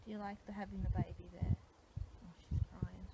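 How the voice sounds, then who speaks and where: A woman leads a graveside séance, gently probing a spirit with one soft question after another. Her voice sits at an ordinary middle pitch. Steady outdoor noise runs clearly beneath the recording. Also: a little fast, highs cut off. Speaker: psychic medium. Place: outdoor country cemetery.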